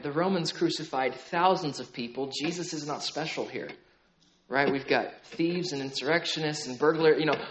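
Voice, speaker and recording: A man's voice: fairly high pitch, bright, forceful tone, rough recording. A man preaching a sermon in a conversational way, often checking in with the listeners by asking "okay?" and "right?". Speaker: pastor.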